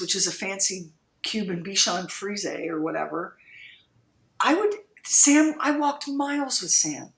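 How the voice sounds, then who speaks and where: A woman's voice: fairly high pitch, a bit bright, reverberant. A woman co-hosting a radio show, joking in a casual chat as she reads listener comments aloud. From United States. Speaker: radio co-host.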